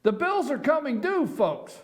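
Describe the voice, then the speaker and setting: A man with a very high, sing-song voice speaks at a measured pace. He hosts a live online morning show from an office, offering opinion commentary full of emphatic, repeated rhetorical questions.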